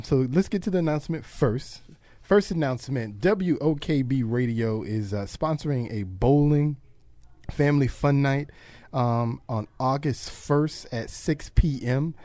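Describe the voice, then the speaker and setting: A laid-back man hosts a radio talk show, chatting casually and laughing easily. His voice is mid-pitched and sounds dry and close, with little room sound. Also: mellow, no room sound.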